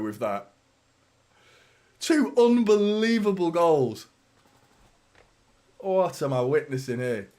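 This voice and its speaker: Hoarse fan commentating a match. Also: male voice, medium pitch. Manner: chatty, sweary, teasing banter. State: hoarse, sore throat. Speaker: fan watchalong host. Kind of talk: live match commentary and casual chat.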